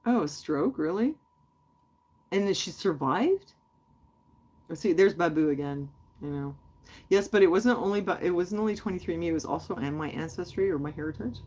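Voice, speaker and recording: A woman's voice: on the low side, lively intonation, moderate pace, a little mellow. A woman hosting a casual livestream, chatty and rambling as she answers her viewers. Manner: chatty and rambling, many fillers. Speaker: host.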